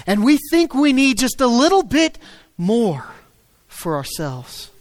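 A man preaching a sermon, swinging between loud emphatic stresses and low quiet asides. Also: wildly swooping pitch, slow pace, no echo. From United States. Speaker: pastor.

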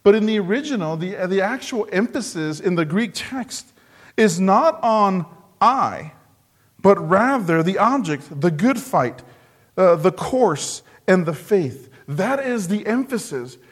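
A man preaching a sermon earnestly, repeating phrases for emphasis and dropping low and soft on key words. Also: very animated, unhurried, husky.

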